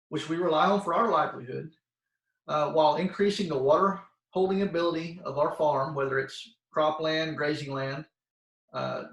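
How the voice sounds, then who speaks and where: A man with a slightly high voice gives a plain-spoken, folksy lesson to kids, often pausing on fillers and restarting his sentences. He sounds set back from his microphone on a video call. The room around him echoes. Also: a bit bright. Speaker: soil health expert presenting to schoolchildren. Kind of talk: informal educational talk. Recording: roomy sound, voice far from the mic.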